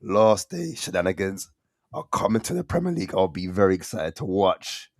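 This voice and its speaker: Laid-back man, low voice. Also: big pitch swings, moderate pace, dry recording. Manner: slangy, laid-back, laughs often. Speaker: host. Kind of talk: casual football fan chat.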